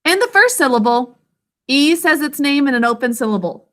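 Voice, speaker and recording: A woman's voice: high voice, lively intonation, a bit bright. A woman teaching an online literacy lesson over a video call, sounding words out carefully syllable by syllable. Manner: slow, careful syllable-by-syllable enunciation.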